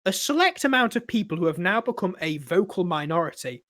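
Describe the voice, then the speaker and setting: Man podcast co-host with a high voice, animated storyteller, swears a lot, dry close sound. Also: fairly quick, no echo. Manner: animated storytelling, swears freely, laughs often. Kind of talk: casual chat.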